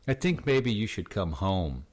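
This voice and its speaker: A man voicing a worried middle-aged mother who speaks slowly and keeps her upset under control. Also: on the low side, very animated, a little mellow. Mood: controlled worry. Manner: slow and controlled.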